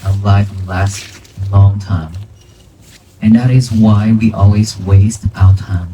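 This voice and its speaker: A man's voice: lowish voice, steady tone, warm tone, slight background noise, low-quality recording. A man, a Buddhist monk, giving a plain-spoken dharma talk to a crowd outdoors in a cemetery, in English. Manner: slow, plain-spoken, non-native phrasing.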